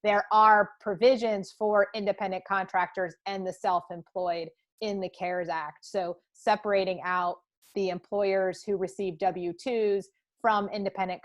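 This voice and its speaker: A woman's voice: mid-range voice, steady tone, unhurried. A young woman presenting a live webinar, answering questions with frequent ums.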